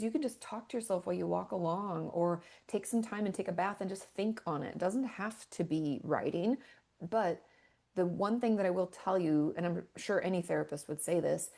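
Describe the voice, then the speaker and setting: A woman therapist talks on an interview show with a slightly low pitch and plenty of gravelly fry in her voice. She is candid and self-deprecating, tossing in quick asides as she explains. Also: dark tone. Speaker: therapist and author guest. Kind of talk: casual conversational interview.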